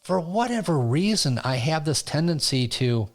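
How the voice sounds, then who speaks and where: A man, a stand-up comedian, telling stories as a guest in a casual interview, animated and often laughing. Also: a little high, moderate pace. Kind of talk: casual storytelling.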